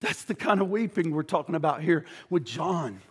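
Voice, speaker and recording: A middle-aged male pastor preaching a sermon, impassioned, swinging between shouting and hushed tones. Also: on the high side, animated, normal speed, breathy edge. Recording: long hall reverb.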